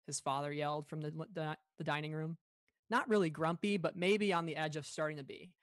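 A man podcast host reading a story aloud in a calm, steady read-along style, lightly voicing the dialogue. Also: fairly high pitch, no room sound.

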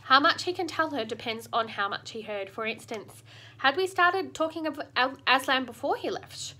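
A woman's voice: high voice, animated, moderate pace, bright, forceful tone, a little hiss or hum, voice pushed up. A woman voicing a practical, motherly female beaver in a storybook reading. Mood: urgent. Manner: practical and warning.

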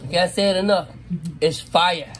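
A middle-aged man casually talking viewers through cooking crawfish outdoors, savoring the food with drawn-out mms. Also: high voice, steady tone, a little hiss or hum. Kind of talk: casual cooking vlog talk. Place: outdoors at a campsite.

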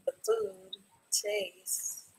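A woman teaching a live online reading class, reading students' sentences from the chat and praising them slowly and clearly. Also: low-quality recording. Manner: encouraging, slow and clear, praising students by name.

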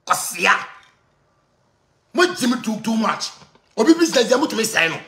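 A man with a Ghanaian accent on a heated, repetitive monologue in pidgin, breaking into bursts of shouting. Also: high voice, sing-song, unhurried, echoey room.

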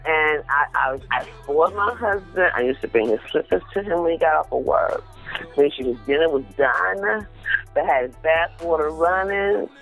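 A woman's voice: low-pitched, normal speed, a bit bright, faint music behind, poor audio. A woman from Compton, emphatic and direct, telling her story in a casual chat. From Compton, Los Angeles. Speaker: guest.

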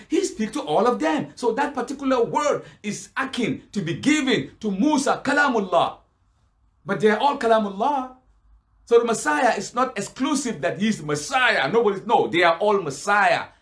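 High-voiced man preaching with rhetorical questions. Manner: argumentative, fires rhetorical questions and answers them. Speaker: Islamic preacher. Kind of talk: preaching rebuttal to a lecture crowd.

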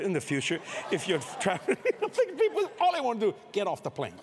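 A man's voice: high-pitched, wildly swooping pitch, fast talker, hardly any pauses, noisy background. A middle-aged man preaching a humorous sermon on a convention stage, acting out scenes with sound effects. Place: convention stage before a live audience.

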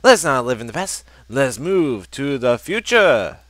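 Brief: young male let's-player, lively up-and-down pitch, joking and chatty. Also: unhurried, dry recording. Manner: animated, joking, reads game text aloud. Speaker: gameplay commentator. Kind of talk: casual let's play commentary.

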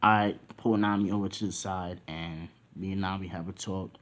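A man's voice: low voice, steady tone, normal speed, a bit bright. A young man casually telling a fan-fiction story, rambling with lots of fillers. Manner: rambling, filler-heavy, self-inserting.

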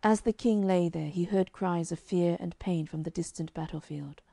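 A woman narrating a children's storybook in a calm, measured reading on a close mic. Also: fairly low pitch, gravelly, no room sound. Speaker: audiobook narrator.

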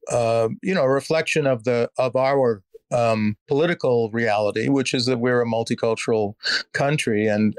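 Man, Canadian accent, interview guest, mid-pitched, dry close sound, thoughtful with many fillers. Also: clear, resonant tone, dry recording. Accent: Canadian English. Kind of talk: reflective conversational interview.

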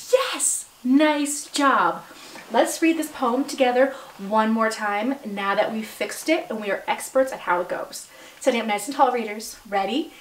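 A high-pitched woman teacher leads young children through a phonics lesson, drawing each word out slowly and cheering them on with sudden excited praise. Her voice is caught from across an echoey room, away from the mic. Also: far from the mic. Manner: slow, encouraging, stretching out word sounds. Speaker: substitute teacher.

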